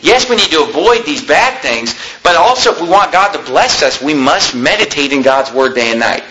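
A middle-aged man preaching a sermon as a pastor, emphatic and slowing down to stress key phrases. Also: fairly high pitch, big pitch swings, pushed and bright, a little hiss or hum, low-quality recording.

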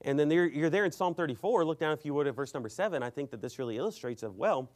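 Rambling male preacher, slightly high voice. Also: expressive, quick pace, darkish tone. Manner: rambling, heavy use of "you know". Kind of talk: storytelling sermon.

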